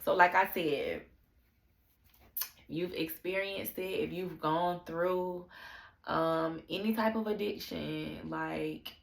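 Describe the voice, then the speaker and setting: A woman's voice: lowish voice, slow pace, vocal fry, reverberant. A young woman talking candidly in a casual personal vlog, confiding and full of slang and fillers. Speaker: vlogger.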